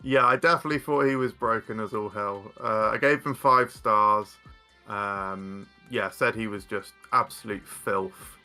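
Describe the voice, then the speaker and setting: A man's voice: lowish voice, unhurried, bright, forceful tone, faint music behind. A man chatting casually as a guest, rambling with frequent fillers and restarts. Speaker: guest card game content creator. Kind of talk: casual chat.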